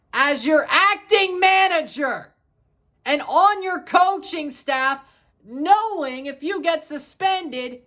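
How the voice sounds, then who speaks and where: A woman hosts her own soccer review show and rants on her own about the match. Her voice sits high, and she talks at an unhurried pace. She sounds heated and exasperated, and she swears casually as she goes. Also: a bit bright. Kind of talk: ranting solo match review.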